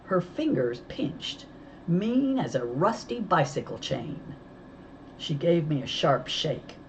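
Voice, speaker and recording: A woman reading a children's novel aloud, telling it with lively storytelling. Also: sits low, slow pace, highs cut off, a little hiss or hum. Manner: lively storytelling, voicing characters. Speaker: audiobook reader.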